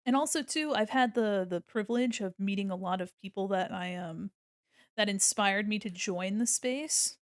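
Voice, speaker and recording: A woman's voice: medium pitch, normal speed, no room sound, studio quality. An American woman streaming her art, chatting casually and giggling as she thinks aloud while she draws. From United States.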